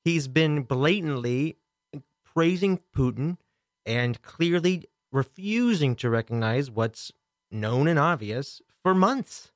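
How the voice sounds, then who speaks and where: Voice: medium pitch, expressive, slow pace, no room sound. A host breaks into an interview clip with sarcastic, mocking remarks. The delivery swings up and down expressively, recorded close and dry. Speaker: commentary host. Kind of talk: sarcastic commentary over clips.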